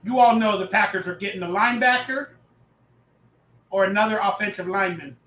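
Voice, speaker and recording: A man hosting a casual live reaction stream, talking loudly and excitably, reading and answering chat messages as he goes. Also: sits high, fairly quick, roomy sound, rough recording. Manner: loud, excitable, reads chat aloud.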